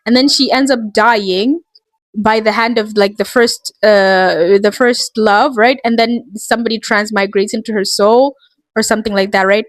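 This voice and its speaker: A woman's voice: mid-range voice, fairly even intonation, moderate pace, no echo. A woman vlogger ranting in a casual, rambling, exasperated way, full of fillers. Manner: rambling, exasperated, heavy use of "like".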